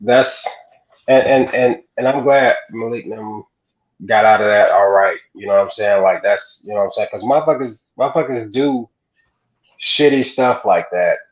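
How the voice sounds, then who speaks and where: A man's voice: on the low side, steady tone, moderate pace. Guy cohosting a chat, cusses a lot, keeps saying you know what im saying, kinda dull muffled sound. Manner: profane, repeats himself, asks "you know what I'm saying". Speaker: podcast co-host. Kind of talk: casual uncensored chat.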